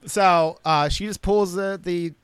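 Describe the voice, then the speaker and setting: A young man telling a long story in casual chat, animated and rambling, full of fillers. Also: high-pitched, slow pace, smooth, dry recording.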